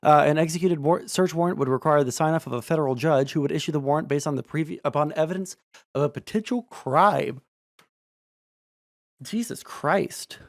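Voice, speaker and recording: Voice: mid-range voice, quick pace. Sarcastic, swearing live-stream commentator. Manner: sarcastic, swears often, loud outbursts. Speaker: streamer reacting to news.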